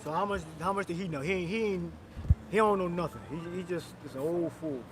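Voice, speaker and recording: A man's voice: high-pitched, a little fast, soft background music. A man leading an outdoor street preaching camp, blunt and coarse, calling on others to read scripture. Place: outdoors on a city street with traffic.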